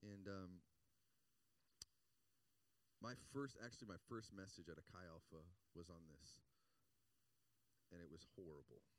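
A male pastor preaching a sermon, telling a story with repeated phrases and rising rhetorical questions, going quiet for the quoted lines. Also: low voice, expressive, a little slow, long pauses, recorded from a distance.

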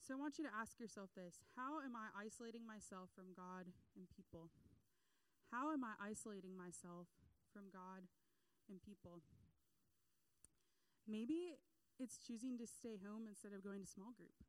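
A young adult woman giving a casual sermon, animated, acting out quotes and laughing between points. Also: mid-range voice, moderate pace, smooth, rough recording.

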